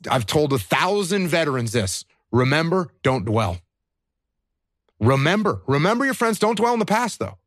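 A man speaks in an earnest, emphatic way, asking himself questions and answering them at once. He keeps coming back to the same short phrases. His voice sits at an average pitch and sounds dry and close, with no room around it. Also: dry recording. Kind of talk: earnest conversational advice.

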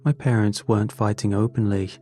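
A man narrating a first-person story in a slow, measured, somber manner. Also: on the low side, steady tone, warm tone, soft background music.

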